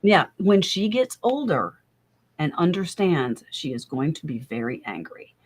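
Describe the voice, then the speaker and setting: Rambling middle-aged woman, lowish voice. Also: very animated, unhurried, breathy edge. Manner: rambling, self-interrupting storyteller; apologetic about talking too much. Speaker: guest. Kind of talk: casual interview conversation.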